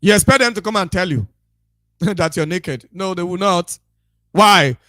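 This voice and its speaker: High, bright-voiced preaching man. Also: measured pace, no room sound, clean studio sound. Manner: repetitive, emphatic, scolding. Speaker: radio broadcaster. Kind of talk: preaching monologue.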